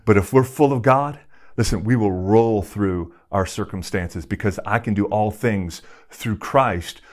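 A middle-aged man preaching a sermon as a pastor, in a conversational, self-deprecating way, acting out quotes and using props. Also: mid-range voice.

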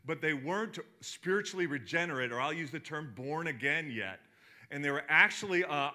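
A man's voice: a little high, pushed and bright. A middle-aged man giving a sermon as a pastor, talking conversationally with lots of restarts and fillers.

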